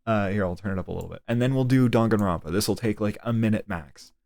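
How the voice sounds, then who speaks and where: A man's voice: lowish voice, fast, creaky, darkish tone. A young man streaming live, chatting casually, rambling and swearing freely.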